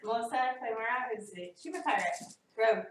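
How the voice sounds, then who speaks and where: A woman's voice: on the high side, fast. A woman playing at a tabletop game, joking playfully with the group. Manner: giggly, playful. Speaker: player. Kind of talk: casual banter at a game table. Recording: distant, roomy, noisy.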